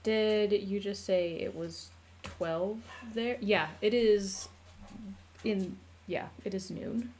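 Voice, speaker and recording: A slow-paced, relaxed American woman talks through a live stream from home. Her chat is loose and chatty, full of laughs and asides to viewers and pets. A faint hiss sits under the voice. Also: medium pitch. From United States. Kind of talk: casual chat while map-making. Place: home room.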